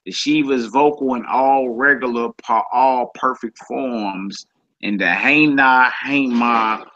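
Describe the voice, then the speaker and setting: A man's voice: medium pitch, slow pace, pushed and bright. A man leading a casual group lesson in a laid-back, colloquial way, often repeating himself. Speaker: Hebrew teacher. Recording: dull lo-fi recording.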